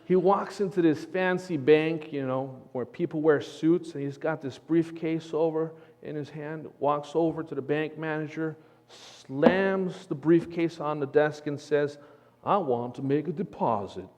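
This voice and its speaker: Earnest Texan pastor in a big hall. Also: male voice, fairly high pitch, fairly even intonation, unhurried, hardly any pauses, a little mellow. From Texas. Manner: earnest, emphatic preaching. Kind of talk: sermon. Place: church sanctuary. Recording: long church hall reverb.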